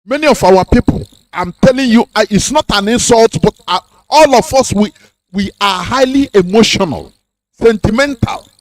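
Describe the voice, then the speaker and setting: A radio host preaches to his listeners, stopping often on fillers as he works toward his point. His voice is high and swings widely in pitch. He speaks in the manner of a sermon. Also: moderate pace, no echo, low-quality recording. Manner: sermonizing, lively, hesitant fillers.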